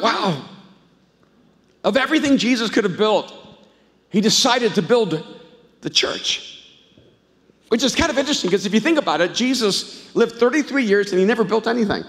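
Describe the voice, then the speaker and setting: A man preaching a sermon as a pastor, telling stories in an animated way that swings from hushed to loud. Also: high-pitched. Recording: live church hall reverb.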